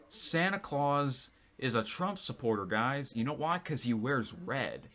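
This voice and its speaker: A man's voice: lowish voice, lively intonation, moderate pace, pushed and bright. A man vlogging in casual commentary, rambling with many restarts and self-corrections. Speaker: vlogger reading tweets.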